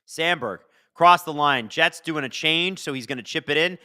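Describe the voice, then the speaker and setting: A man hosting a live hockey watch-along, chatting and reacting loudly to plays. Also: on the high side, normal speed, no echo, clean studio sound.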